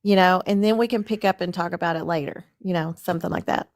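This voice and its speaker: A woman's voice: fairly low pitch, quick pace. A middle-aged woman speaking as a guest in a casual conversation, reflective and searching for her words with many fillers. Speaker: stream guest.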